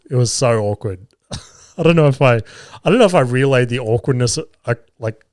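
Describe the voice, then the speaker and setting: A man in his thirties with an Australian accent, hosting a podcast and telling everyday stories in a casual, animated way, swearing freely and laughing at himself. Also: medium pitch, no room sound, studio quality. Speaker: podcast host. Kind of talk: casual storytelling monologue.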